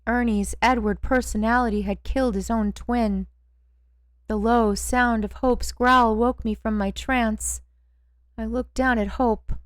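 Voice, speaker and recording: A woman narrating a first-person audiobook in a slow, measured way. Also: a little high, fairly even intonation, no room sound.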